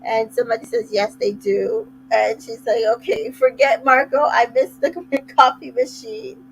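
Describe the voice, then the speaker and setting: A woman talks through a recap in an easygoing, chatty way, slipping into quick quoted asides as she retells scenes. Her voice sits a little high, and she takes her time. A faint hum runs under the recording. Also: fairly bright tone, low-quality recording. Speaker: recap host. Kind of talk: casual recap chat.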